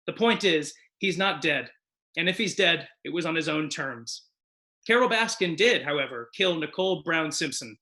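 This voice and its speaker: A man's voice: on the high side, lively intonation, moderate pace, sharp tone. Theatrical man reciting with mock solemnity. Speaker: guest performer. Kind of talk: deadpan comedic poetry reading.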